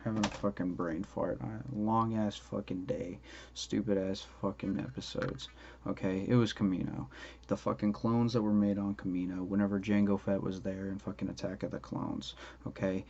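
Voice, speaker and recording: A vlogger rants in exasperation about a show he dislikes, swearing constantly and asking "okay?" for emphasis. His voice is on the low side and a little mellow, with little pitch movement and a moderate pace, recorded in dull lo-fi audio with faint ambient noise.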